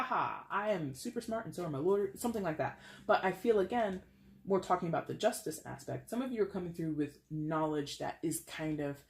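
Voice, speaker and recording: A woman with a low, mellow voice reads tarot casually, her talk meandering and chatty, packed with "like" and "you know." Playful asides and brief laughs pop up throughout.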